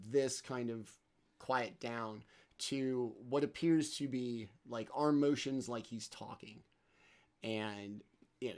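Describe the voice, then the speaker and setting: A man narrating a tabletop role-playing game as game master, in a loose, unhurried way full of fillers. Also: medium pitch.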